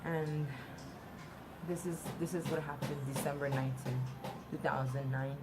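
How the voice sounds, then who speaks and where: A young woman telling a personal story in a casual, halting way, often repeating and restarting her words. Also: deep voice, steady tone, poor audio. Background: music.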